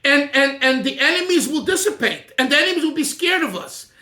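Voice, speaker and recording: Animated middle-aged rabbi in an echoey room. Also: male voice, extremely high pitch, a little fast. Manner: animated and digressive, chuckling often. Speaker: rabbi teaching a class. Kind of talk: informal Torah class.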